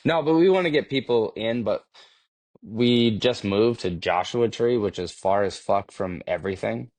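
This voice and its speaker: In a podcast studio, a male guest with a lowish, darkish voice tells stories casually at a normal pace, swearing freely and laughing along. The recording has no echo.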